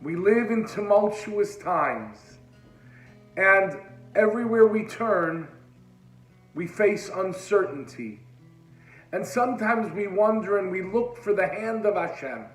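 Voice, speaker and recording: High-voiced man telling a dramatic sermon story. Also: echoey room, poor audio. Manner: dramatic, drops to a hushed voice at moving moments; sprinkles Hebrew religious terms. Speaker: religious speaker.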